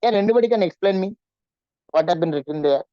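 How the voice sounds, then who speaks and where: A man's voice: high-pitched, quick pace, no room sound, dull audio. A man teaching in an online class, often asking his students questions. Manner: repetitive, questioning students, acts out nervous voices. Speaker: English teacher.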